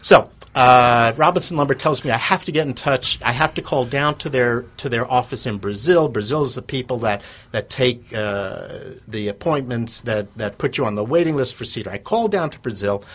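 A man's voice: mid-range voice, normal speed, hardly any pauses, fairly bright tone. A man telling an anecdote in an interview, rambling with restarts and fillers and chuckling at himself. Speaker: guest telling his business story.

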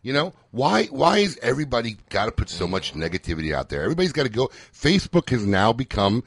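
A man co-hosting a talk radio show, chatting and ranting in a lively, casual way. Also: medium pitch, fast talker, breathy edge.

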